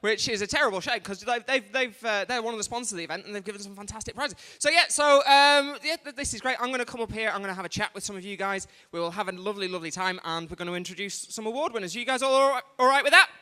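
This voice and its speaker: A man's voice: sits high, rapid-fire, few pauses, sharp tone, clean tone. A man compering a live award ceremony on a stage microphone, doing crowd work with sweary, self-deprecating banter. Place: large hall at a live event. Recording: live stream from a reverberant hall.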